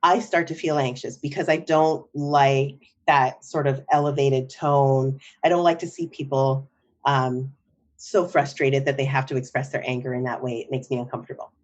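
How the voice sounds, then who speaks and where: A woman's voice: rumbling low, fairly even intonation, normal speed, a little mellow, highs cut off. A middle-aged woman, a psychotherapist, talking in a podcast interview in a reflective way, often checking in with "right?". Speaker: psychotherapist guest.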